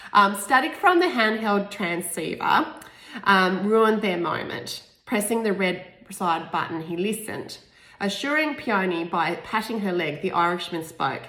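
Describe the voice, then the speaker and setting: A woman's voice: medium pitch, expressive, a little slow, a bit bright. A woman reading her own novel aloud in an informal way, with restarts and small asides. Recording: echoey room.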